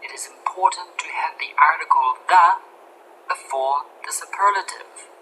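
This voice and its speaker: A woman giving a scripted grammar lesson, speaking clearly and carefully and slowing down on example words. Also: low voice, bright, forceful tone, a little hiss or hum, poor audio. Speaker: English grammar teacher.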